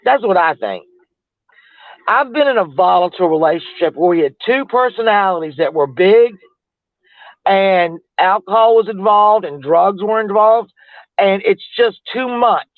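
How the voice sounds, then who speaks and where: A man's voice: sits high, animated, a little slow, no echo. A man chatting casually on a livestream, rambling and greeting viewers as he goes. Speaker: livestream host. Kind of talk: casual chat commentary. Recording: tinny phone-like, dry.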